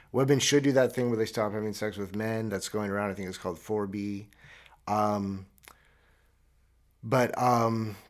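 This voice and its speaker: Man, low voice, deadpan sarcasm, rambling comic monologue, podcast host. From Florida. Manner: rambling with restarts, mock-earnest. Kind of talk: solo comedic monologue. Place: traveling abroad, recording alone.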